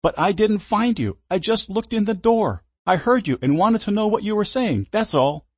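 Storybook role: a man playing a terrified young man, pitched way up and straining. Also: very animated, moderate pace, breathy edge, dry recording, exaggerated voice. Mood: panicked. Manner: high, strained, shouting pleas.

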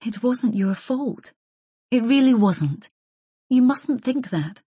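A woman reading as a gentle, firm comforter. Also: medium pitch, lively intonation, normal speed, slightly rough, no room sound. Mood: reassuring. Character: earnest grown woman comforting an old classmate. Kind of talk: audiobook character voice.

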